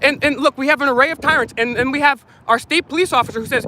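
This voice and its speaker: A man's voice: very high voice, fast talker, few pauses, a little hiss or hum, poor audio. A man vlogging live with a handheld phone outdoors at a public event, heckling and accusing officials in a confrontational rant. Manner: heckling, accusatory, shouting boos. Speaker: activist vlogger filming a protest. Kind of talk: live protest vlog commentary. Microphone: phone held while filming.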